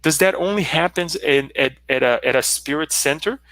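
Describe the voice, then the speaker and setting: A man's voice: a little high, normal speed, a bit bright, no echo. A man leading a spiritual book study, reflecting aloud and asking rhetorical questions. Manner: reflective, asks rhetorical questions, often adds "right?". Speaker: study group leader.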